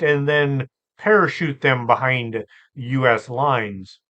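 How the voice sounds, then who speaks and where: A man hosting a storytelling show, relaxed and chatty, with asides and fillers. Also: mid-range voice. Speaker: host and storyteller. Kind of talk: conversational storytelling podcast.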